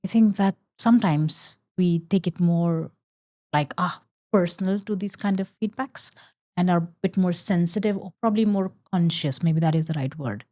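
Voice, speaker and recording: Woman hosting a podcast, low voice. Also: normal speed, a little mellow. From India. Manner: thoughtful, rephrases and searches for words. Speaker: podcast host. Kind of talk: conversational podcast interview.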